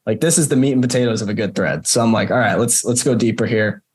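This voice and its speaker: A course instructor walks a group through a screen share on a video call, speaking fast in a lowish voice. He keeps it casual and chatty, tagging lines with "right?" and addressing students by name.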